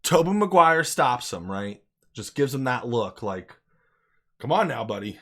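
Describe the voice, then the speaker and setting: Reviewing a film casually and without a script, this man sounds worked up and insistent, swearing liberally and saying things twice to drive them home. His pitch is medium and his speed is normal.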